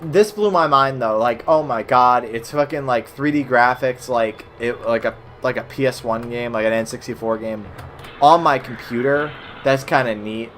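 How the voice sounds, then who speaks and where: A young man streams old browser games from his home setup, talking to chat in loose, profane banter. He keeps a mid-range voice and drops jokes between sudden loud yells. A faint hum sits behind him. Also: mid-range voice, normal speed. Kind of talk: casual gameplay commentary.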